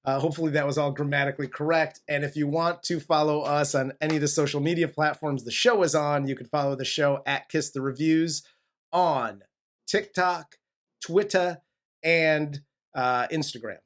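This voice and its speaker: A man's voice: a little high, fairly even intonation, normal speed. A man hosting a movie review podcast in a laid-back, joking casual chat. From United States. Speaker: podcast host.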